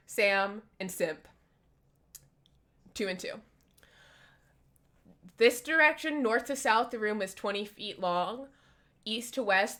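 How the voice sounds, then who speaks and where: A woman at a medium pitch, narrating as dungeon master. She sets the dungeon scene in a loose, chatty way, full of little asides. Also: a bit bright. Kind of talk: narrating a tabletop game.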